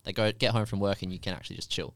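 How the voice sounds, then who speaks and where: A man's voice: sits low, fairly even intonation, very fast, a bit bright, dry recording. A man, a fitness coach, chatting casually on a podcast and laughing easily.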